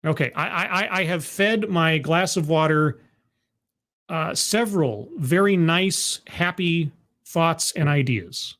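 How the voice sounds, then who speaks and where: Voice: medium pitch, takes it slowly, fairly bright tone. A commentary host reacting to a talk clip with sarcastic, mock-earnest remarks and stammered repeats, streaming from home.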